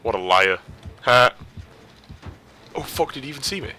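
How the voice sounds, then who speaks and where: A young man giving live commentary while playing a game, swinging from quiet muttering to excited yelps. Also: medium pitch, moderate pace. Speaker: streamer.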